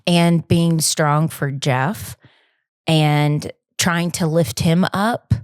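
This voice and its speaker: A woman's voice: sits low, steady tone, drawn-out words, smooth, no echo, clean studio sound. Rambling, candid woman podcaster. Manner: rambling, candid and self-deprecating; tender, fighting back emotion. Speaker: podcast co-host. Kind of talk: casual personal monologue.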